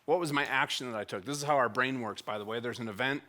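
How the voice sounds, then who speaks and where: A middle-aged man gives a story-driven talk at a church. His voice is mid-pitched, and he swings between loud, punchy lines and quiet, soft ones as he acts out the conversations. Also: fast talker. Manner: animated, acts out dialogue with wide swings in loudness. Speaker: church speaker.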